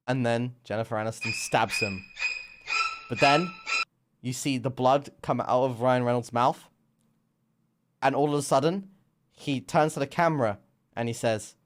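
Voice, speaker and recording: A man's voice: mid-range voice, moderate pace. A young man with a British accent, a streamer telling a rambling, made-up comic story in a casual, playful way. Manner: rambling and playful, acting out voices.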